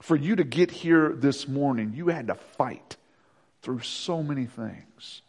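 A man preaching a sermon as pastor, swinging between loud declarations and hushed, intimate passages. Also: medium pitch, animated, measured pace, big-room sound.

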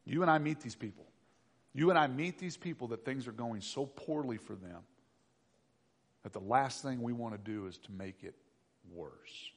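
A man's voice: mid-range voice, normal speed. A male pastor preaching a sermon in a conversational way, with rhetorical questions and humor, in a church sanctuary. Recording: echoey hall reverb.

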